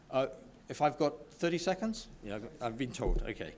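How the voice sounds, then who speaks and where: Speaking at a business networking event, an enthusiastic British man gives an informal speech to a live audience in an event room, stumbling and restarting often. His medium-pitched voice is sing-song and a little mellow, at a moderate pace with few pauses, over a little hiss or hum.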